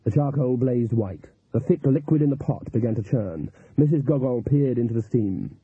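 Husky man narrating a story. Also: mid-range voice, normal speed, few pauses, dry recording. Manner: expressive, lively storytelling. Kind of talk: audiobook narration. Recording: tinny, phone-like, dry audio.

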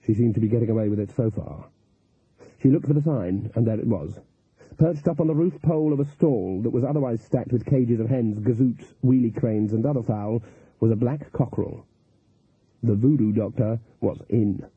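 Man, audiobook narrator, husky voice, lively and animated delivery, tinny phone-like audio. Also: medium pitch, moderate pace, no echo. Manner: expressive, lively storytelling.

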